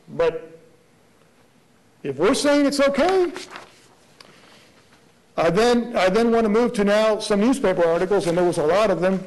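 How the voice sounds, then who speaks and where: A prosecutor arguing a motion before a judge, earnest, with many rhetorical questions and restarts. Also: male voice, high-pitched, a little mellow, poor audio. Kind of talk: courtroom argument.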